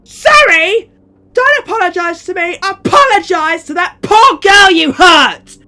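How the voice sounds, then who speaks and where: A man voicing a furious, bitter middle-aged mother who screams in high, strained bursts. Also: huge pitch swings, moderate pace, bright, forceful tone, exaggerated voice. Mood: screaming.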